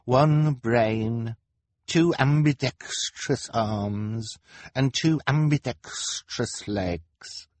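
A man plays a mopey, self-pitying young man in a storybook, drawn out and low. The delivery is husky and recorded dry, close to the mic. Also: animated, a little slow, no echo. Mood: gloomy.

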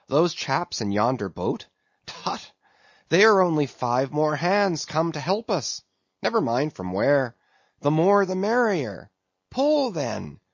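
Man playing a relaxed, drawling mate sweet-talking his crew, pitched higher, dry and slightly dull. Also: breathy edge, no room sound, heavily acted. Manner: drawling, soothing and coaxing.

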